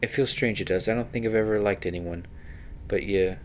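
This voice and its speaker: A man's voice: lowish voice, brisk, slight background noise, close to an everyday voice. A man voicing a prickly, defensive young rogue woman in a fantasy game who tags her sentences with echoing endings.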